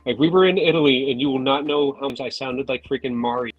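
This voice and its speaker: A man's voice: mid-range voice, fast, dry recording, lo-fi sound, faint music behind. A man, a podcast guest from New Jersey, telling rambling self-mocking stories over a remote call on his phone. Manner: rambling storyteller, self-mocking, laughs between remarks.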